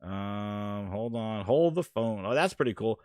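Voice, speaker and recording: A man hosting a live stream, talking in a rambling, excitable way with casual swearing. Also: fairly low pitch, a little slow, clean tone, no echo, clean studio sound. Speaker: host.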